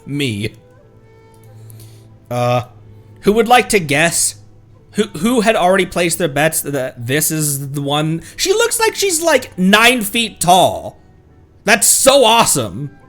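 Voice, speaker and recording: Male streamer, casual reaction talk, lively swinging pitch, hesitant and rambly with faint music behind. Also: takes it slowly, pauses often. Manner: rambling and hesitant, many restarts, bursts of excitement. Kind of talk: casual livestream reaction commentary.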